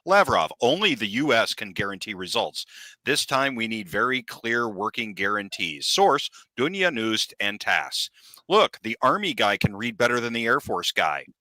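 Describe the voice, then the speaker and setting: A man co-hosting a casual political podcast, joking and chiming in with quick quips. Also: fairly low pitch, no room sound. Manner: joking, animated interjections. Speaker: podcast co-host.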